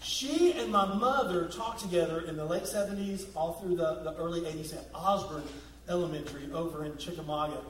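A man, a youth pastor preaching a sermon with lively, laughing storytelling. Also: on the high side, fairly quick, slight background noise. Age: 40s. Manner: animated storytelling with bursts of laughter. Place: church sanctuary. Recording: echoey room, mic at a distance.

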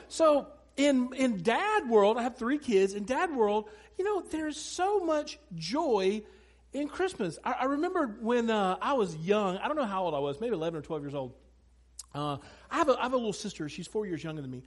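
A pastor preaches a sermon from a church stage, speaking at normal speed in an extremely high-pitched voice. Animated and humorous, he tells funny family stories and addresses the congregation directly.

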